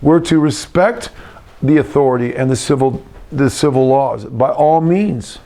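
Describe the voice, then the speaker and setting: A middle-aged pastor giving a conversational sermon, with frequent restarts and asides. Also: male voice, mid-range voice, unhurried, dark tone.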